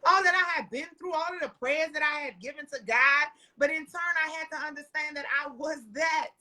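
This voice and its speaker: A woman, telling personal stories as a podcast guest in loud, profane, laughing casual chat. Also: high-pitched, a little fast.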